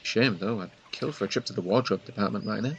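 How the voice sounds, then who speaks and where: A man's voice: lowish voice, fast, muffled recording, a little hiss or hum. A man role-playing a flustered TV host while narrating a game, hesitant and full of fillers, with a dry wry humor. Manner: rambling, hesitant, lots of fillers. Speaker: let's play narrator in character as a TV host. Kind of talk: in-character game commentary.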